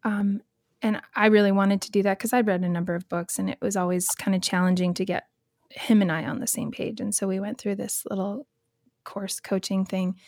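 A woman podcast host who listens with warm affirmations and talks in halting, restarting phrases. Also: medium pitch, little pitch movement, no echo, studio quality. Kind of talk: casual podcast conversation.

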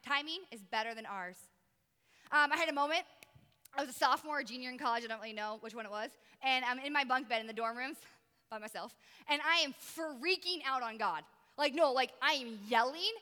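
A woman youth pastor giving a lively, conversational sermon with emphatic pauses. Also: high-pitched, big-room sound.

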